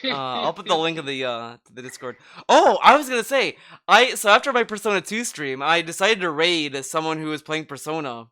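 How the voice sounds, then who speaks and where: A man's voice: on the high side, very animated, brisk, bright, forceful tone. A man co-hosting a podcast, chatting casually in a rambling way, full of fillers and restarts. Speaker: podcast co-host. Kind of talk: casual chat.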